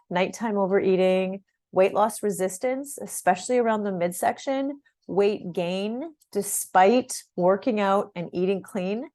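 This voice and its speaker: A woman's voice: on the high side, darkish tone. A middle-aged woman fitness coach talking straight to her viewers about a program, in a chatty style. She repeats words and often checks in with "right?" and "okay?". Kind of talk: direct-to-camera program overview.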